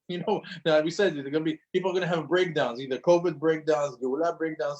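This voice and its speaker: A man teaches a class with an emphatic, lively delivery, his voice sitting a little high for a man. He repeats key phrases for weight. When he tells a story, he acts out the quoted lines. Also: brisk, poor audio. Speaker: religious teacher. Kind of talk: lecture to an audience.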